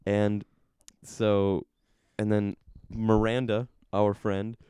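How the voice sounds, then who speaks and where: A man's voice: on the low side, level tone, extremely slow, warm tone, clean tone, no echo, clean studio sound. A young man chatting casually, telling a rambling story and laughing at himself as he goes. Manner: rambling, self-amused storytelling. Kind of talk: casual chat.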